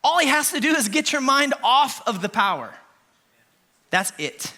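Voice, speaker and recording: A man in his thirties, a worship pastor preaching a sermon in church, animated and laughing as he acts out scenes. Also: very high-pitched, moderate pace.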